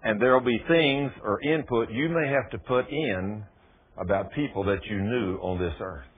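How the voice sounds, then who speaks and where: A man preaching a sermon in a folksy, emphatic way, his voice rising high on key passages. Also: normal speed. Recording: tinny phone-like radio broadcast.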